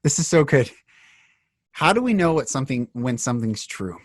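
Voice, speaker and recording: A man's voice: mid-range voice, very animated, moderate pace, no room sound, clean studio sound. A man hosting a podcast, enthusiastic and affirming, now and then sighing as he speaks. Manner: enthusiastic, affirming, breathy sighs. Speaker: podcast host. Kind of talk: conversational interview.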